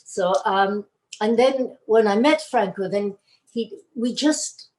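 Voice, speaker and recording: An older woman, an actress, recounting her early career in a rambling, animated way, acting out the lines she quotes. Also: mid-range voice, slow, poor audio. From Argentina. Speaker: actress telling career stories. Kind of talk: casual storytelling.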